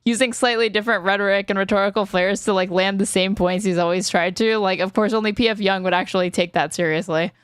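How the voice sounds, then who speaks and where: A woman's voice: mid-range voice, fairly even intonation, fast talker, few pauses, clear, resonant tone, no echo, clean studio sound. An American woman hosting a podcast, teasing her guest casually and saying "like" often. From United States. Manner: teasing, says "like" a lot. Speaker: podcast host. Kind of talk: casual chat.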